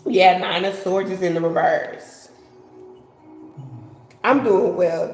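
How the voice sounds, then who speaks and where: A woman's voice: on the low side, slow, darkish tone, reverberant, faint music behind, rough recording. A woman giving a casual live tarot reading, chatty and slangy, laughing and swearing as she talks. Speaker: tarot reader.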